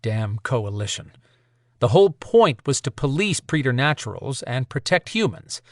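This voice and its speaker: A man giving steady, measured scripted audiobook narration at a close mic. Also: mid-range voice, dry recording.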